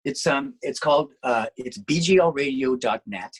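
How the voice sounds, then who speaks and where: Interviewed about his radio work and music, a man talks in a rambling, casual way, restarting often and using lots of fillers. His medium-pitched voice is expressive and slightly rough at a moderate pace, and the recording is rough.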